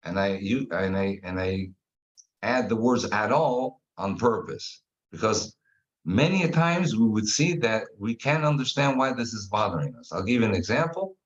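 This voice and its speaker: Man, animated storyteller, casual guest chat, muffled sound. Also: lowish voice, normal speed. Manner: animated storyteller, acts out quotes. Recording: dull lo-fi sound.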